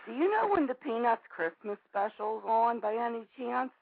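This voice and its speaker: A woman phoning in to a radio show, talking calmly and plainly. Her voice comes through a dry, tinny phone line. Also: fairly high pitch, normal speed, no echo. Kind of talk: casual phone call.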